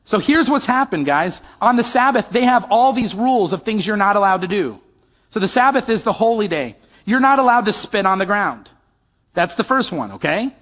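Preaching in a large, echoing hall with a long reverb tail, this pastor keeps a conversational tone and keeps asking the audience questions. His high, fairly bright voice swings widely in pitch at a moderate pace.

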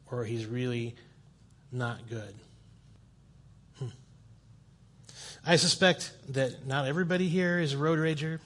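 A guest preacher addresses a congregation in a church sanctuary, telling stories conversationally and poking fun at himself. His voice is medium-pitched and a bit bright.

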